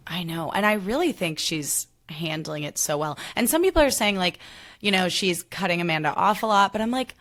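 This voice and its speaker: A woman hosting a podcast, chatting casually about a reality show, full of "like" fillers and quick impressions of people. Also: lowish voice. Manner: animated, lots of "like" fillers, mimics people. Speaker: podcast host. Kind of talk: casual chat.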